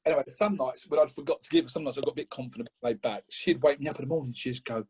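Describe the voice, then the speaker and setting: A middle-aged man from England, a podcast guest telling an animated story in casual chat, often laughing and acting out what others said. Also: fast, husky. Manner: animated, laughing, acts out quotes with rising pitch.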